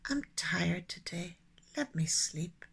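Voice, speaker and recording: A woman voicing the sun as a gentle spirit that speaks in a small, soft voice in a children's story. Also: fairly low pitch, sing-song, gravelly, breathy edge, full character voice. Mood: sleepy. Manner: small soft voice, then grand and slow.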